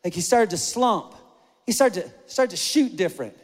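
A middle-aged man preaching a sermon, animated and conversational, with self-deprecating humor. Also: high voice, moderate pace, long reverb tail. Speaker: pastor.

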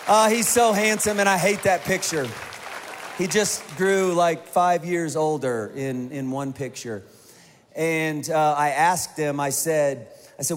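Speaking at a measured pace with a fairly high pitch, a pastor jokes with his church and preaches conversationally in a large auditorium. A faint crowd can be heard, and the reverberant hall picks up both the congregation and music.

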